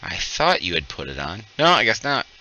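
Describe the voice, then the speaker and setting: A man's voice: lowish voice, huge pitch swings, normal speed, pushed and bright, lo-fi sound. A man running a tabletop game as game master, chuckling as he calls out hits and makes rulings.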